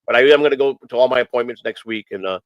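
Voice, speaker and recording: A man's voice: medium pitch, rapid-fire, dry recording, lo-fi sound. A man hosting a casual morning stream show, rambling earnestly with many repeats and restarts. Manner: earnest and emotional.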